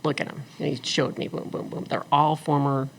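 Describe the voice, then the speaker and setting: A middle-aged woman telling her story as an interview guest, animated and acting out the people she quotes. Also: low voice, fairly quick, gravelly. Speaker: guest, attorney and former engineer.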